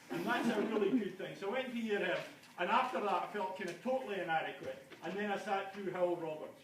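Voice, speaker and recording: Brief: high-voiced male conference speaker, jokey and self-mocking, recorded in a roomy hall from far off. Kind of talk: comic talk to a live audience. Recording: echoey hall, distant mic, noisy room.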